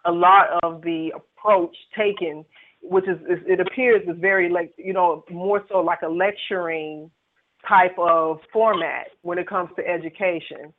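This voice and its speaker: A woman's voice: fairly low pitch, steady tone, unhurried. A woman hosting a radio panel discussion by phone. She rambles, with many fillers and restarts. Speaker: panel host. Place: on a phone call. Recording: tinny phone line.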